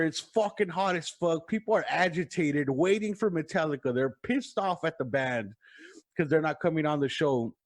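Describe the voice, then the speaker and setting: A man hosting a podcast, telling loose stories in casual chat and swearing freely. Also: on the high side. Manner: loose storytelling, swears freely, acts out crowd voices. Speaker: podcast host.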